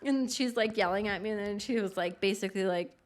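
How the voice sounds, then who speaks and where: A woman's voice: mid-range voice, quick pace. A woman co-hosting a casual chat, telling a funny story about a game with lots of fillers and laughter. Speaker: podcast co-host.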